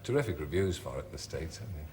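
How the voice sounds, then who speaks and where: Male talk host, rapid and animated, teasing, hissy echoey old TV sound. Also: sits low. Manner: teasing, quick with jokes. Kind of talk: quick-fire chat show banter. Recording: archive TV studio with hall echo and hiss.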